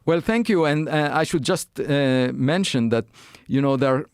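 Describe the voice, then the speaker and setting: A man's voice: on the high side, normal speed, smooth, no room sound. Thoughtful man, dry close sound. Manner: thoughtful, many fillers and restarts. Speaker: guest scientist. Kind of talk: conversational interview.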